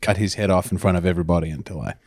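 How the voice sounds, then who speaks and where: A man's voice: sits low, steady tone, racing, darkish tone. A man in casual podcast chat, riffing with wry, opinionated asides.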